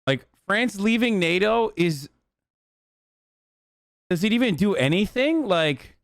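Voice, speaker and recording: A man's voice: high-pitched, very animated, takes it slowly, dry recording. A man on a livestream talking in loose, profane, rambling casual chat into a close mic.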